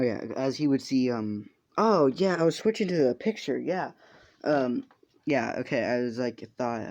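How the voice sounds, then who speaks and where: A man tells an improvised fan story, rambling with many fillers and casual swearing. His voice is gravelly and mellow. The recording is muffled and lo-fi. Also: medium pitch. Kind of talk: improvised fan-fiction narration.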